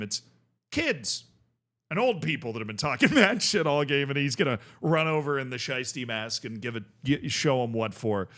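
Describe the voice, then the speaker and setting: Brief: young male host, casual reaction commentary, bright forceful tone, amused and excitable. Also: medium pitch. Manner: excitable, amused, often breaks into laughter.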